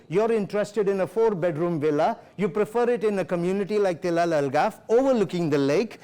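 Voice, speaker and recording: A man's voice: high voice, darkish tone. A man leading a sales workshop as trainer, giving firm instructions, repeating key phrases and acting out sample dialogue with a client. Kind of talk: workshop lecture.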